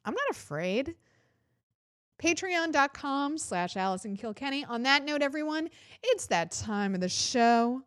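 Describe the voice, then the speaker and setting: A woman hosting a political comedy podcast, talking casually and swearing a lot, jumping up in pitch when she mimics others. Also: a little slow, dry recording, studio quality. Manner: chatty, profane and animated, jumping up in pitch for mock quotes. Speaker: podcast host.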